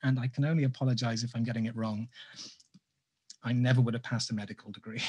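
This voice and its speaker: Instructor, rambling self-mocking teacher, husky mid-pitched voice. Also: male voice, fairly even intonation, fast, a little mellow. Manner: chatty, self-deprecating, jokey. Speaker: sculpting instructor. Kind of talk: live tutorial with rambling asides.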